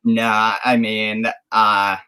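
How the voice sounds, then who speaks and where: A man's voice: lowish voice, flat delivery, very slow, sharp tone, smooth, rough recording. A man from the United States co-hosting a podcast in casual chat, rambling with many restarts and fillers. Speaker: podcast co-host.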